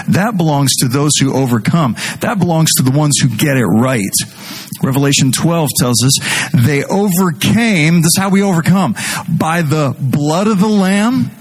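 A middle-aged man preaching a sermon as pastor, animated and jokey, speaking directly to his congregation. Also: medium pitch, husky.

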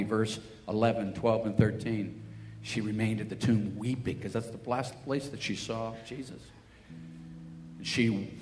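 In a medium-pitched, slightly mellow voice, a man preaches through Bible stories, acting out what the people in them say. The recording has a long hall reverb and faint ambient noise.

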